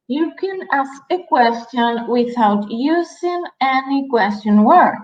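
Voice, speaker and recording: A woman teaching a language lesson, repeating each word slowly and carefully for learners. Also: fairly high pitch, reverberant, highs cut off. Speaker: Spanish teacher.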